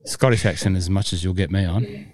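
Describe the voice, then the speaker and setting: A man with a low, mellow voice talks in a rambling, jokey way as a podcast co-host. The sound is dry and close to the mic. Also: fairly quick, no room sound. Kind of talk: casual chat.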